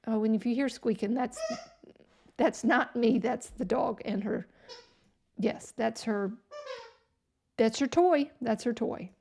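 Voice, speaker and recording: Woman host, gravelly, sarcastic, muttering to herself on a live stream. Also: fairly high pitch, slow, pauses often, a little mellow, a little hiss or hum. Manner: sarcastic, exasperated, talks to herself. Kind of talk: casual live stream chat.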